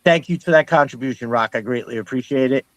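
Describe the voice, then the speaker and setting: A man's voice: mid-range voice, fast, fairly bright tone, dry recording, poor audio. Middle-aged man, live-stream host, casual rambling chat, friendly greetings, dry close sound.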